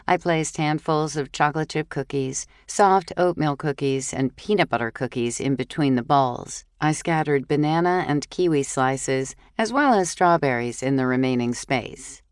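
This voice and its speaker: A woman narrating a cozy mystery audiobook in a measured, even storytelling voice. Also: deep voice, clean tone, no echo, clean studio sound. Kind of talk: scripted narration.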